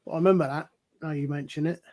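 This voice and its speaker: A man speaking in a casual panel chat, halting and repeating words as he thinks. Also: a little high, steady tone, darkish tone.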